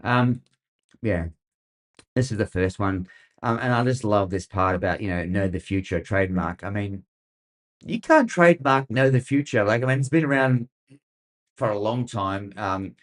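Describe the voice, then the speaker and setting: A man's voice: medium pitch, expressive, normal speed. A middle-aged Australian man hosting a weather show, rambling and sarcastic with lots of fillers. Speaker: weather podcast host. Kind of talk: casual commentary.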